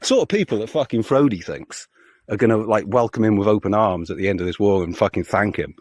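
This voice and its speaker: A man ranting angrily as a political commentary vlogger, sweary and heated with loud outbursts. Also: fairly low pitch, animated, fast talker, no room sound. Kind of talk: angry profane rant.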